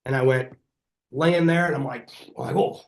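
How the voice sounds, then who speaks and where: A middle-aged man, a chiropractor being interviewed on a podcast, telling stories in an energetic, animated way and acting out what people said. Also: mid-range voice, moderate pace, vocal fry. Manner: energetic, animated storyteller who acts out quoted dialogue. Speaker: chiropractor guest.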